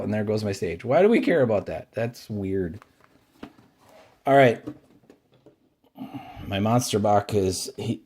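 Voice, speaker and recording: A man hosting a card-opening video, speaking at an unhurried pace and in a middle register. He names each card as it comes out and gives dry opinions. His pitch jumps up when a card he likes turns up. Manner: unhurried, listing cards one by one, dry opinions; brightens and rises in pitch over favorite-team pulls. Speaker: card-collecting channel host. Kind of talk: casual pack-opening commentary.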